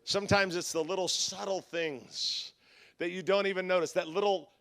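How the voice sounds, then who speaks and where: A man's voice: sits high, steady tone, normal speed, fairly bright tone. A man preaching at a church leadership conference, telling humorous stories and acting out the voices of the people in them. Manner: humorous storytelling with quoted voices. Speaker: pastor. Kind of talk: conference sermon.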